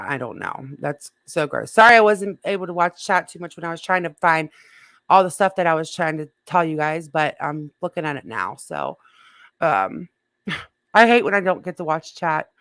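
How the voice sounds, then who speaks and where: A woman's voice: low-pitched, a bit bright, no room sound. A woman hosting a casual livestream, blunt and disgusted, swearing often. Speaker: livestream host.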